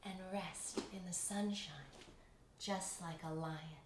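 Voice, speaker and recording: A woman's voice: lowish voice, fairly even intonation, slow, background noise. A woman leading a guided yoga lesson for kids, encouraging and playful as she coaxes them along. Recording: roomy echo from a distant mic with soft music.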